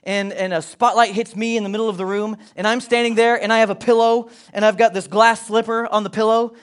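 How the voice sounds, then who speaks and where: A man in his forties, from Colorado, telling a personal story to an audience with animated, self-deprecating humor and joking asides. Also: high voice, a little fast, clear, resonant tone. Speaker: speaker addressing an audience.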